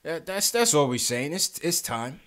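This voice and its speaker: A male podcast host with a slightly high voice talks in a loose, slangy way. He restarts often and keeps repeating his phrases as he takes calls. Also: very animated, moderate pace, a bit bright. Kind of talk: casual talk show chat.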